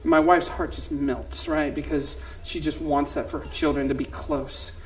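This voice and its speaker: Man, high voice, one-man stage comedy, animated storyteller, quiet asides then loud bursts. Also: moderate pace. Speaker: youth pastor. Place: theater stage.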